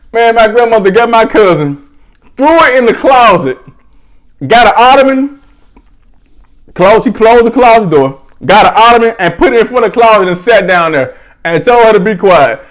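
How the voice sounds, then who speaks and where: High-voiced man telling a story. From Mississippi, US. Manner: animated, dialect-rich, chuckling asides with frequent "right?". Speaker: storyteller host. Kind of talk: casual storytelling.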